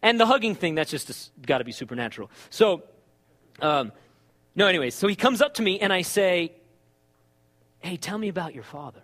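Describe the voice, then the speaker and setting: A man preaching a sermon as a pastor, telling stories with lively acted-out dialogue. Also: sits high, fairly quick, big-room sound. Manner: animated storytelling, acts out dialogue.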